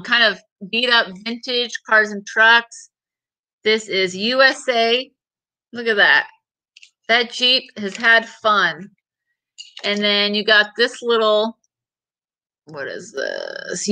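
A woman's voice: mid-range voice, sharp tone, low-quality recording. A middle-aged woman hosting a casual live sale of vintage items, chatty and rambling as she answers viewer comments and laughs often.

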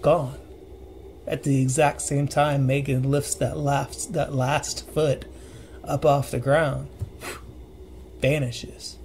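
A man of ordinary pitch recounts a strange night in a casual, spoken storytelling manner. He talks earnestly and haltingly, stopping and restarting as he digs up vivid details. A faint hiss of noise sits under his voice. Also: level tone, gravelly, darkish tone. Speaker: storyteller recounting a personal ghost encounter.

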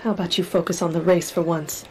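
A man's voice: a little high, little pitch movement, fast, darkish tone, faint music behind, lightly acted. A man voicing a dismissive chat viewer, curt and scolding in a half whisper. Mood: scornful.

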